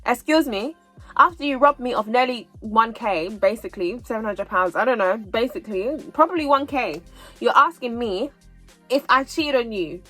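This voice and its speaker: A woman's voice: fairly high pitch, normal speed, soft background music, low-quality recording. Chatty young woman telling a story. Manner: chatty, animated retelling with repeats. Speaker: vlogger. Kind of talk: storytime vlog.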